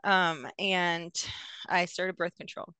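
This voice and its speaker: A woman's voice: on the low side, flat delivery, slow pace, sharp tone, clear, resonant tone, dry recording. A young woman, a podcast guest, telling a personal story in a hesitant way with many fillers and restarts. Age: young adult.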